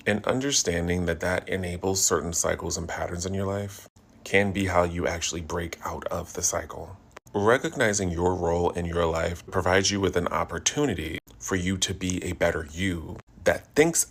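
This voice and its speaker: A man with a very low voice talks through self-help advice in a measured, earnest way. His delivery is reflective and steady. A slight hiss runs under the recording. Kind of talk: reflective motivational talk.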